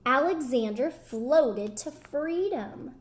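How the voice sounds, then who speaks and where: High, animated woman reading to kids. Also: takes it slowly. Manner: animated, asks the children questions. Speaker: storyteller reading to children. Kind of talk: picture book read-aloud for children.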